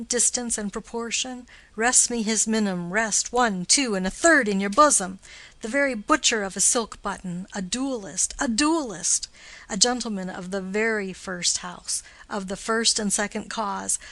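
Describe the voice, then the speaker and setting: A woman's voice: medium pitch, a bit bright, no room sound. A woman reading Mercutio, a mocking young nobleman.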